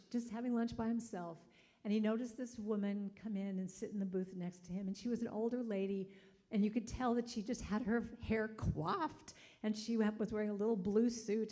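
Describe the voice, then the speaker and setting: A woman giving an inspirational talk at a spiritual service, telling stories in a conversational, animated way. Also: mid-range voice. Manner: conversational and animated, acting out the people in her stories. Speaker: guest speaker at a spiritual center service.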